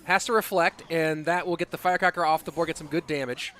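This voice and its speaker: A man casting a live esports match, with excitable play-by-play and rambling asides. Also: fairly high pitch, quick pace, slight background noise. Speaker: esports caster. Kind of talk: live game commentary.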